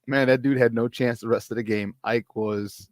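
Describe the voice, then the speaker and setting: A man's voice: medium pitch, moderate pace, dry recording, clean studio sound. A man hosting a sports talk show, chatting casually about football with lots of energy and frequent laughter, a former player telling locker-room stories. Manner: energetic and chatty, laughs often, hypes with "baby".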